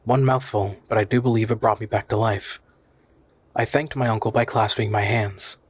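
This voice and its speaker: A man reading a classic novel aloud in steady, measured narration. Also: on the low side, husky. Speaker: audiobook reader.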